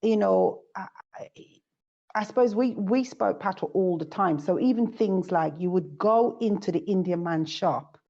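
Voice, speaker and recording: A woman's voice: mid-range voice, normal speed, creaky, mellow. A woman from the United Kingdom, a guest sharing reflective stories in casual chat. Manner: reflective, storytelling. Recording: dull lo-fi audio.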